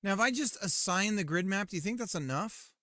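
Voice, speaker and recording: Jokey man streaming, high-ish dry voice. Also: animated, fairly quick, bright, forceful tone, no echo. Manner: jokey, laughs often, reads errors aloud. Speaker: streamer developing a game. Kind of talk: casual live-stream chat while coding.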